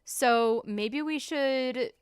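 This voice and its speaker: A woman's voice: high-pitched, very slow, clean tone, no echo, clean studio sound. Chatty upbeat woman streaming a game. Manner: chatty and upbeat, addressing the chat. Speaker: streamer playing a farming game. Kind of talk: casual live gameplay commentary.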